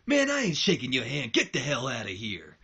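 A man's voice: on the low side, moderate pace, bright, forceful tone, breathy edge. A man voicing a brash male pro wrestler who talks in a curt, dismissive way.

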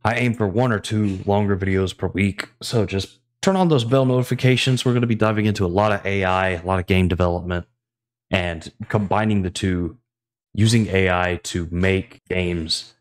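Deep-voiced young man teaching code. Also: normal speed. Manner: enthusiastic, chatty, thinks aloud while typing. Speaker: coding tutorial host. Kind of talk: casual screencast tutorial.

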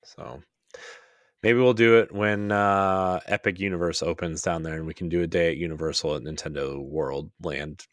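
A man's voice: sits low, fairly even intonation, moderate pace, dry recording. A man co-hosting a podcast in casual chat, rambling with lots of "like"s and restarts. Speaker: podcast co-host.

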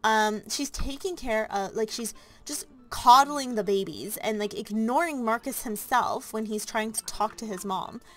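A woman's voice: fairly high pitch, unhurried, a bit bright. A woman narrating a life-simulation game in a chatty, anxious way, full of fillers. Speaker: let's play host.

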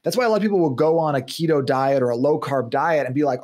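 Man, thirties, fitness guest, podcast interview, slightly high voice, animated explainer. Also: quick pace.

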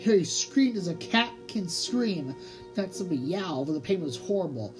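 A woman's voice: on the low side, poor audio. Woman reading a storybook aloud over music. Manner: expressive, drawn-out emphasis. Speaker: audiobook narrator. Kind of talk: storybook read-aloud narration.

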